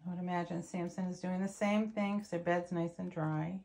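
A woman's voice: fairly low pitch, steady tone, brisk, creaky, hardly any pauses, dark tone. A woman filming her puppies, chatting casually and cooing to them in baby talk. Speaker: dog breeder filming puppies. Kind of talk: casual vlog narration.

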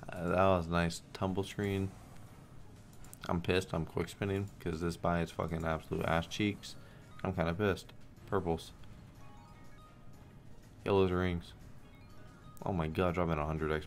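A man's voice: deep voice, little pitch movement, normal speed, long pauses, soft background music. A young man streaming slot games, talking casually to the game and his viewers, swearing, pleading and sarcastic. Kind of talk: casual gambling stream commentary.

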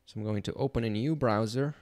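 A man hosting a screen-recorded hacking tutorial, thinking aloud in a relaxed way with some fillers as he explains each step. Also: medium pitch, quick pace. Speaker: channel host teaching penetration testing.

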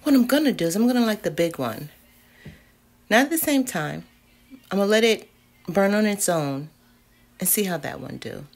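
A woman reviewing candles in a casual vlog, slangy and dramatic, cussing and swinging from mutters to loud outbursts. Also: medium pitch, animated, normal speed, creaky, long pauses.

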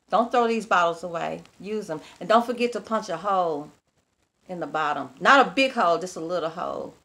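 A woman from Texas, talking casually to camera in a folksy, chatty way and laughing easily. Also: lowish voice. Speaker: vlogger.

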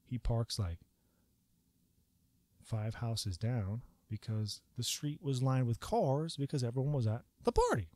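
A man telling a personal story in a casual vlog, animated and profane, rambling with lots of filler words. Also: mid-range voice, measured pace, no echo.

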